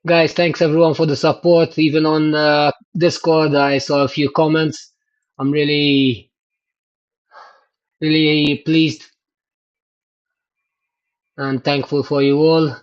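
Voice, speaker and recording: A man chatting excitedly to his livestream viewers about his cycling race results, exclaiming often. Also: on the high side, slow, long pauses, dull audio. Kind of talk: casual livestream chat.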